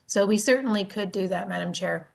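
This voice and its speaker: A woman who works as a state agency official, giving formal testimony to a legislative committee in a measured, explanatory way with frequent filler sounds. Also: mid-range voice, vocal fry.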